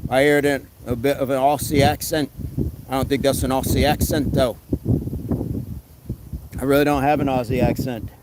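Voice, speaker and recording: A man hosting a casual live stream, reading comments aloud and giving quick fitness tips in a relaxed way. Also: medium pitch, background noise. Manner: relaxed, answers chat questions with quick tips.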